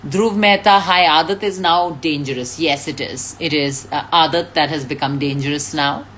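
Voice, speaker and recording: A woman's voice: sits low, moderate pace, fairly bright tone, slight background noise. A woman, chatting casually on a live stream, reading out fan comments, thanking people and laughing often. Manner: reads out names, thanks fans, laughs often.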